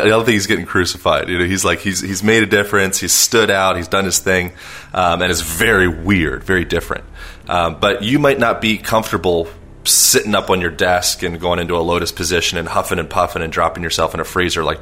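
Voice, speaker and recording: A man's voice: sits low, sharp tone. A man talking casually as a podcast guest, explaining at length with many fillers and restarts. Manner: rambling, filler-heavy, self-aware long-winded talk.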